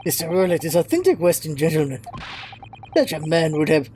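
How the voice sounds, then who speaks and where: A woman's voice: deep voice, very animated, fairly quick, mellow, a little hiss or hum. A woman voicing a haughty male sailor guard in a video game, talking in broken English with a put-on heavy Russian accent. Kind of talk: game voice-over.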